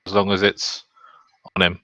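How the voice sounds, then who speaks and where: A man's voice: low voice, completely flat delivery, moderate pace, sharp tone, dry recording. A man playing a tabletop game, explaining the rules in a matter-of-fact way.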